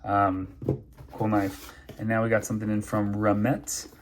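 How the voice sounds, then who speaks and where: A man's voice: lowish voice, flat delivery, a little slow, noisy background. A man reviewing knives and pens in a casual unboxing, chatty and thinking aloud with many fillers. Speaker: knife and pen reviewer.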